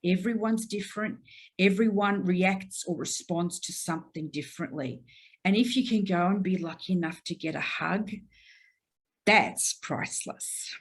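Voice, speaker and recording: A woman's voice: on the low side, unhurried, slightly rough. A woman interview guest speaking earnestly and reflectively in a heartfelt way. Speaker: guest, mental health consultant. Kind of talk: interview conversation.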